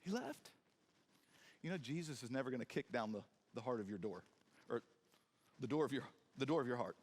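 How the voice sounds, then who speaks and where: A man preaching a sermon in a church, animated and acting out scenes in different voices with jokes for the congregation. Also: medium pitch, fast, slight background noise. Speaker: pastor. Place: church sanctuary.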